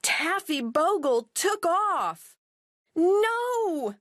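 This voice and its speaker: Slow, expressive woman reading a storybook. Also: on the high side. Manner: slow, expressive, clearly paced. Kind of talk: children's storybook read-aloud.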